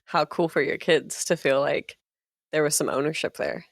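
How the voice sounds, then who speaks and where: A woman co-hosting a podcast, chatting casually and reacting with eager enthusiasm and frequent laughter. Her voice sits a little low, and the sound is dry and close. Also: fairly even intonation, normal speed, gravelly, dry recording. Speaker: podcast co-host. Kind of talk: casual interview chat.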